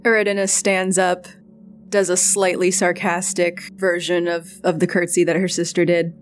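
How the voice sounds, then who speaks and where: A woman's voice: lowish voice, flat delivery, normal speed, soft background music. A woman playing in a tabletop game, describing her character's actions in a playful way. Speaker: player.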